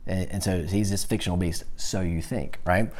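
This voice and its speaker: Here a man leads a Bible class with lively, chatty energy and plenty of exchange with the students. He speaks at a moderate pace in a voice that sits low.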